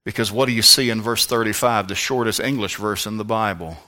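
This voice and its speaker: A man preaching a sermon as pastor, fervent, swinging between shouts and hushed tones. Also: fairly low pitch, steady tone, fairly quick.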